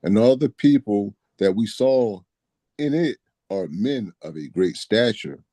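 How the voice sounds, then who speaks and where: A man slowly reading scripture aloud in a measured way during a Bible study. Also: lowish voice, lively intonation, mellow, no echo. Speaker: scripture reader.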